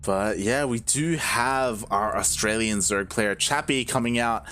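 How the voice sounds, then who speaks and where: A man casting a live video game match in a relaxed way, with drawn-out phrasing and frequent laughter. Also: lowish voice. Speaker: esports caster.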